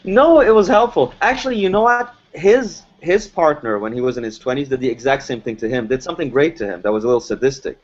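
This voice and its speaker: A man telling animated stories in a relaxed interview, his faint foreign accent hard to pin down. His voice sits at an ordinary middle pitch. The recording is dull and lo-fi, like an online podcast. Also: fast talker, hardly any pauses. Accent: faint foreign accent, hard to place. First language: French or Arabic. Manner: animated storyteller, laughs often. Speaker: voice actor guest. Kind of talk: casual interview chat.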